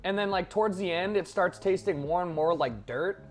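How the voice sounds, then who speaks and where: A young man streaming himself cooking, chatting casually in a joking, profane, rambling way with sudden loud outbursts. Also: high-pitched, normal speed, faint music behind. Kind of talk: casual live-stream chat while cooking.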